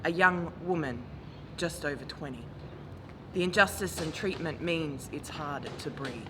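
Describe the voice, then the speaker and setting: Woman in her forties, spoken word poet, unhurried and grave, over a noisy backdrop of traffic. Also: deep voice. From Australia. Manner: measured, grave delivery rising to impassioned calls. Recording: noisy recording with traffic ambience.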